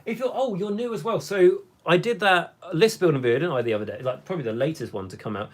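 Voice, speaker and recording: Young guy on a hobby stream, voice gone hoarse, just rambling and reading the chat. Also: on the high side, fast talker. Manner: rambling, reads out chat comments. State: hoarse from talking for hours. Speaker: hobby livestream host. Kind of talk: casual livestream chat.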